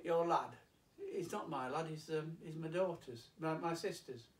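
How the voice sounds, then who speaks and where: A man's voice: fairly high pitch, normal speed, natural voice. A man voicing a fussy, snobbish aunt who talks in a prim, disapproving way, a little hesitant. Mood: flustered. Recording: roomy, distant, faint piano.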